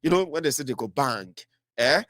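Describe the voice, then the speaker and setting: A man's voice: medium pitch, animated, moderate pace, fairly bright tone, no room sound, clean studio sound. A middle-aged Nigerian man with a Nigerian accent giving solo political commentary, fiery and mocking, mixing pidgin into his English.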